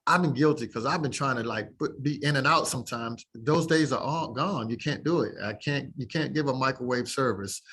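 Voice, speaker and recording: Man, mortgage lender, husky voice, medium pitch, chatty, plain-spoken. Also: moderate pace, few pauses, a bit bright. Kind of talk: casual talk to agents.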